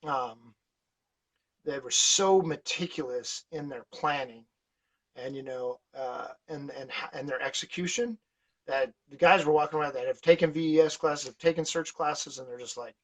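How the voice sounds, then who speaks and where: On dull, lo-fi podcast audio, a male guest with a fairly high voice and moderate pace rambles through stories in casual conversation. He's animated, laughing as he tells them, with many fillers and restarts.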